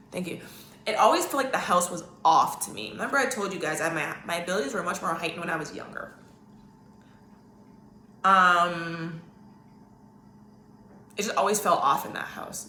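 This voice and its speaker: A woman's voice: fairly low pitch, bright, forceful tone, slight background noise. Candid woman podcaster in a roomy space. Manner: candid, rambling, emphatic with repeated "okay?". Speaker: podcast host. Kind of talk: casual storytelling monologue. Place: at home.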